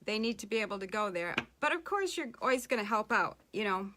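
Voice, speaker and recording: A woman's voice: mid-range voice, sing-song, a little fast, background noise. A middle-aged woman giving a casual business training talk as a team leader, plainspoken and chatty with frequent asides. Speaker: network marketing team leader.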